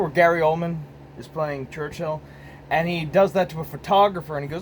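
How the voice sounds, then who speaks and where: A man's voice: on the high side, brisk, a little hiss or hum, poor audio. An American man hosting his own casual vlog, rambling and profane, filmed on a phone. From United States. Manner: rambling, profane, many restarts. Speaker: host.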